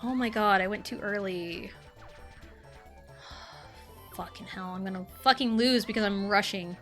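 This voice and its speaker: A young adult woman streaming a party game live, swearing freely and swinging from frustrated yelling to low muttering. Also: a little fast. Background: game music.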